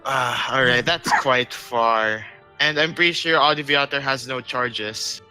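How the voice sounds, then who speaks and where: A man with a very bright, sharp voice plays in a tabletop game session. He works through his turn out loud, hesitating and pausing as he thinks. Soft music plays faintly behind him. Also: medium pitch, clear, resonant tone, rough recording. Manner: thinks aloud, hesitant, with fillers. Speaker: player. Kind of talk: casual tabletop game chat.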